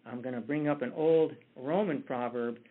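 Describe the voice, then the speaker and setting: A man's voice: mid-range voice, moderate pace. A man giving a conversational motivational talk with a story, often restarting his words. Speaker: motivational speaker. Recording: tinny phone-like line.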